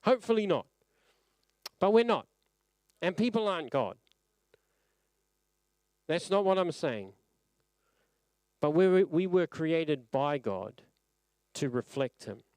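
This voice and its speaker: A man delivers a church sermon in an earnest, reflective way. His voice sits a little high and sounds smooth and resonant, and his phrases sink gently at their ends. The sound is dry and close. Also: expressive, slow pace, pauses often, dry recording. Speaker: preacher. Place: church service.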